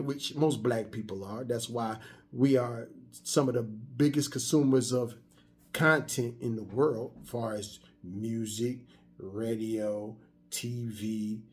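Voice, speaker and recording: A husky, slightly mellow medium-pitched voice belongs to a vlogger in his fifties who speaks slowly and steadily. Casually motivational, he tells stories in a chatty way, restarting himself again and again.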